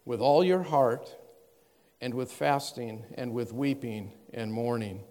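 A man preaches a sermon, reading old scripture with a measured, stressing cadence before explaining it plainly. His voice sits in an ordinary middle pitch for a man. The recording carries a long reverb, as if from a large hall. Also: dark tone.

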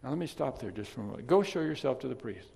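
A man preaching a sermon, chatty in his asides and then emphatic and loud on key points. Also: medium pitch, animated, racing, creaky, breathy edge. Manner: conversational, swings from quiet asides to emphatic loud stresses. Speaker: pastor. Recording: long reverb of a large hall.

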